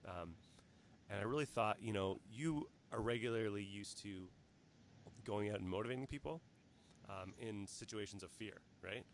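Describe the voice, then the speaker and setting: A Canadian man hosting a casual livestream interview, talking in quick, rambling, earnest bursts. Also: lowish voice, vocal fry, slight background noise. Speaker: host.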